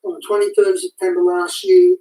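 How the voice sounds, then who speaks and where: An animated woman talks casually, her pitch leaping up and down as she restarts and repeats her words. Her voice is mellow and sits a little high. She sounds far from the mic in an echoey room. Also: fast. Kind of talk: casual spoken commentary.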